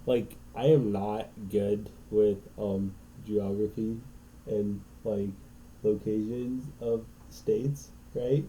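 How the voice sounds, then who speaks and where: A man's voice: fairly low pitch, fairly even intonation, slow pace, dark tone, slight background noise, rough recording. A man co-hosting a podcast, telling a rambling story in casual chat and checking in with "right?" as he goes. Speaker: podcast co-host.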